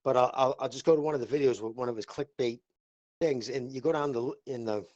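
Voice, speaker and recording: A man's voice: medium pitch, fast talker, a little mellow, dry recording, dull audio. Boston man, co-host, rambly and foul-mouthed, dry close sound. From Boston area, USA. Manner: rambling, profane, many restarts. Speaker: podcast co-host. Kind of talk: casual podcast chat.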